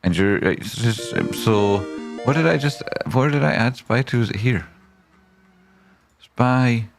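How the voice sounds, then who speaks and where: A man hosting a live trading stream, reading viewer messages aloud with excitable swearing and silly wordplay. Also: mid-range voice, unhurried, faint music behind. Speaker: trading livestream host.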